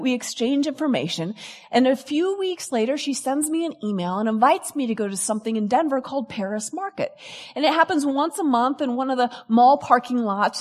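A woman, a lively storyteller who acts out the people she quotes, telling a personal story to an audience. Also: fairly high pitch, big-room sound. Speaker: speaker. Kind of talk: storytelling talk.

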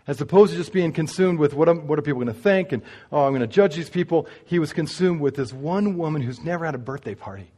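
Husky-voiced man preaching a sermon. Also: a little high, quick pace, hardly any pauses. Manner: animated storyteller speaking straight to the congregation. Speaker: pastor. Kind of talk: sermon storytelling.

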